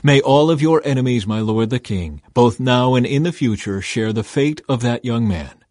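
A man's voice: medium pitch, animated, normal speed, a little mellow, dry recording, clean studio sound, close to an everyday voice. A man narrating voices a formal, courtly male messenger bringing news to a king.

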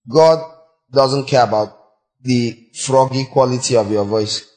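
A male pastor preaching a sermon, urging and questioning his listeners directly, with a voice that cracks when he reaches high notes. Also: measured pace, darkish tone. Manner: exhorting, breaks into high sung demonstrations.

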